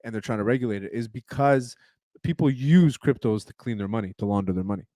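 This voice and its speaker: A man's voice: on the low side, fast talker, mellow, dry recording. A man co-hosting a casual sports podcast, blunt and cursing, tripping over his own words. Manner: blunt, stumbles and restarts, swears. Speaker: podcast co-host.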